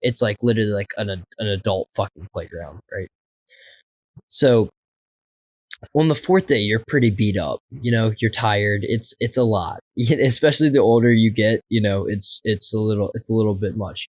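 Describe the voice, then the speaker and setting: A man's voice: fairly low pitch, moderate pace, dry recording, low-quality recording. A man casually telling a wild anecdote, swearing often and laughing as he goes. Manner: profane, laughing, animated anecdote. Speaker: podcast co-host. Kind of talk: casual storytelling.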